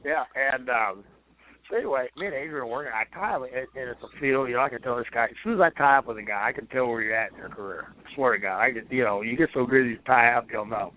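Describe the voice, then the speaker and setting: A fast-talking man with a medium-pitched voice tells rambling, foul-mouthed stories as a phone interview guest. He is a retired pro wrestler, speaking casually over a tinny line.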